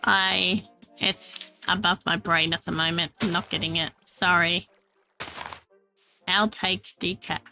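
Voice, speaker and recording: Bright, gravelly-voiced woman chatting while gaming. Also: on the low side, steady tone, unhurried, faint music behind, poor audio. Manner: chatty, self-deprecating, laughs often. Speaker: Minecraft streamer. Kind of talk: casual gameplay chat.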